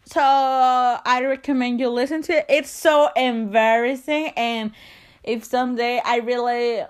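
A young woman with a non-native English accent hosting her own podcast, chatting casually and reading from her phone in a self-conscious, laughing way. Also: fairly high pitch. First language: not English. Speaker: podcast host.

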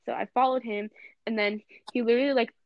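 A woman's voice: fairly high pitch, steady tone, fast, no room sound, dull audio. A young woman telling a story in casual chat, giggling often and filling her speech with "like.". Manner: giggly, lots of fillers like "like".

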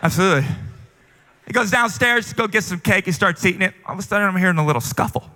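A man preaching a sermon as a pastor, telling a family story with lively acted-out quotes. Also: high-pitched, fast talker. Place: large church auditorium. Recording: long hall reverb from a church stage.

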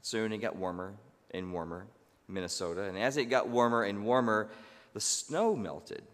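A man preaching, telling a story in a slow, gentle manner with thoughtful pauses. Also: lowish voice. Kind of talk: sermon storytelling. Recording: long hall reverb.

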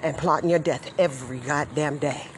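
A woman's voice: deep voice, moderate pace, noisy background. A woman in her forties ranting furiously and bitterly, full of profanity. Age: 40s. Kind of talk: angry rant vlog.

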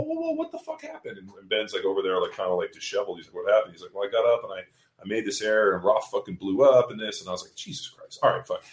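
A man's voice: on the low side, echoey room, slight background noise. A man coaching fitness seminars, telling a story in casual podcast talk, blunt and profane, acting out what people said. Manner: profane, blunt, acts out quotes.

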